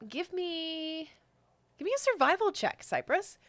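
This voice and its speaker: A woman's voice: very high voice, big pitch swings, unhurried, fairly bright tone, no echo. A woman narrating as game master in a casual, chatty way, with lots of fillers, on a close mic.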